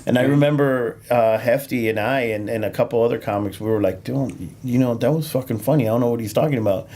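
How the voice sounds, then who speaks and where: A man's voice: medium pitch, fast, warm tone. A man who does stand-up comedy, telling stories on a casual podcast with plenty of fillers, restarts and laughter. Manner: rambling, laughs often, lots of fillers and restarts.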